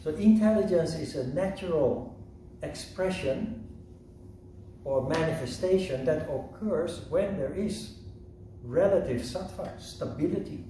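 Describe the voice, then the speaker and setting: Slow-speaking yoga teacher, echoey room. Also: male voice, a little high, animated, warm tone, a little hiss or hum. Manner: slow, measured, reflective. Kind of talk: lecture. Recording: roomy echo from a distant mic.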